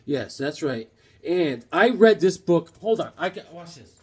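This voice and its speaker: A man chatting casually as he unboxes comics, excitable and gushing, cracking jokes as he goes. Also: on the high side, a little slow, a little hiss or hum. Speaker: comic collector vlogger.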